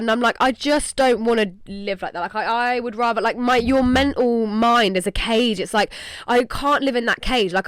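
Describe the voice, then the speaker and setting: English woman, young, higher voice, dry close sound, rambling candid podcast talk. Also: dry recording. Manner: rambling, emotional, heavy use of "like". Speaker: podcast host.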